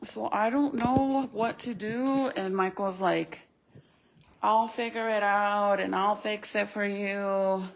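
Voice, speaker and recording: A woman's voice: medium pitch, fairly even intonation, slow, creaky, slight background noise. A young woman at home, talking casually to her vlog audience, sad and sometimes close to tears. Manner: sad, venting, sometimes tearful. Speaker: vlogger.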